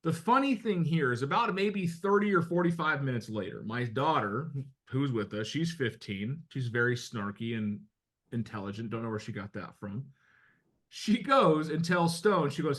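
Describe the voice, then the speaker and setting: A man's voice: mid-range voice, expressive, moderate pace, fairly bright tone. A middle-aged man from the United States coaching real estate agents in a blunt, conversational way, with some mild swearing. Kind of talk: motivational talk to agents.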